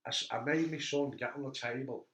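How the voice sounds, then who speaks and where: A man hosting a casual chat, an animated storyteller who laughs at his own anecdotes. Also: mid-range voice, a little fast. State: hurt back. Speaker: host. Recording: echoey room.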